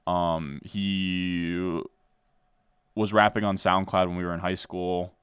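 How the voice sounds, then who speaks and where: Deep-voiced laid-back guy. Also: level tone, slow pace, a bit bright, clear, resonant tone, dry recording, studio quality. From New Jersey. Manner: laid-back, says "dude" a lot, answers chat as he goes. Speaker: fantasy football streamer. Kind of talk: casual live-stream chat while drafting.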